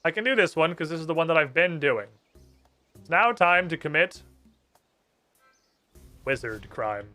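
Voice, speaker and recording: A man streaming a game, talking casually in a bright, animated voice with a lot of up-and-down in his pitch. He swears freely and jokes at his own expense. Soft game music runs underneath. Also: measured pace, pauses often. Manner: swearing, self-deprecating, chatty. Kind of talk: casual gameplay commentary.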